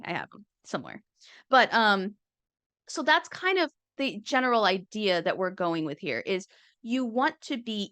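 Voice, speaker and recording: A woman's voice: fairly high pitch, a bit bright, no echo. Wry conversational woman, dry sound. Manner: conversational and wry, slipping into quick impressions. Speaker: comedian and speaking coach. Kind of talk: casual talk with acted-out quotes.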